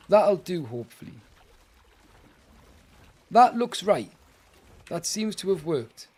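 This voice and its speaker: British male streamer, slightly high voice, chatty and exasperated. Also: a little mellow. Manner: chatty, exasperated banter with viewers. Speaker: game streamer. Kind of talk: live gaming commentary.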